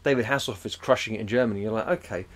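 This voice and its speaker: A man's voice: fairly low pitch, rapid-fire, a bit bright. A man, co-hosting a podcast in casual chat, rambling and swearing as he jumps into put-on voices. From England. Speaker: podcast co-host.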